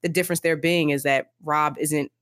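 A low-voiced woman co-hosting a book podcast. She talks in a casual, emphatic way and repeats her points when she gets going. The mic sound is close and dry. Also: moderate pace, no room sound. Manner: animated, emphatic, repeats herself. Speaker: podcast co-host.

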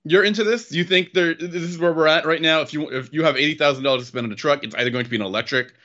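A man's voice: on the high side, very fast. A man co-hosting a casual car podcast, talking with lots of fillers and restarts. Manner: animated, hesitant with many fillers and restarts. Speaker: podcast co-host. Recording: dull lo-fi sound.

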